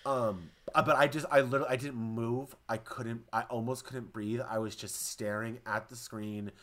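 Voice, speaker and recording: Brief: male podcast co-host, casual chat, excitable and emotional while recapping. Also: mid-range voice. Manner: gushing, emotional, fast retelling.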